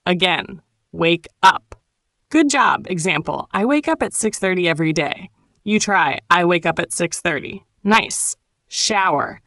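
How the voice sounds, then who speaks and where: A woman teaching an English lesson, narrating a simple story and gently coaching learners to repeat words, with warm encouragement. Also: lowish voice, dry recording, clean studio sound. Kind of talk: slow ESL lesson narration.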